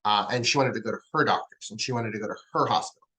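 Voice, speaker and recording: A charity founder in his forties, appearing as an interview guest, shares a heartfelt personal story and acts out other people's lines. His voice is on the low side, very fast, pushed and bright. The recording is rough.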